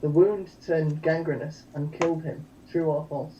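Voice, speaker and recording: A man's voice: on the high side, fairly even intonation, normal speed, mellow, highs cut off. Eager man reading trivia, distant mic. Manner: eager, reads trivia aloud. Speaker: player. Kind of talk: casual game chat. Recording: distant mic with faint noise.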